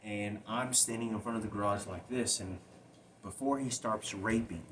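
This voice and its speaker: A man telling a personal story in a halting, agitated way, with many restarts. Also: fairly low pitch, fairly even intonation, a bit bright, a little hiss or hum. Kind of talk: personal spoken monologue.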